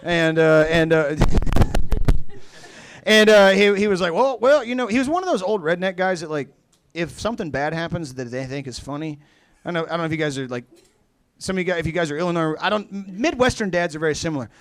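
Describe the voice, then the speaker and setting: A young man on a comedy club stage, talking into a handheld mic in a slightly high voice. His delivery rambles and stalls on fillers and restarts. He slips into other voices to act out the people in his story. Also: expressive, fairly quick, smooth, no room sound. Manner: acts out other people's lines in shifting voices. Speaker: stand-up comedian. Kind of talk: stand-up comedy set. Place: comedy club stage before a live audience.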